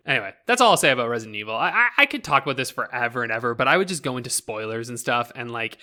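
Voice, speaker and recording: Lively, bright-voiced Canadian man chatting. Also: mid-range voice, fast talker. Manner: animated, laughs often, swears casually. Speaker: podcast co-host. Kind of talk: casual chat.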